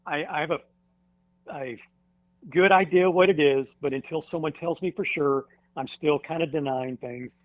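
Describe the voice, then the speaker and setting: A firefighter, a guest on a podcast, telling a personal story in a casual interview, halting with many fillers and restarts. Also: male voice, on the high side, no echo. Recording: dull dry recording.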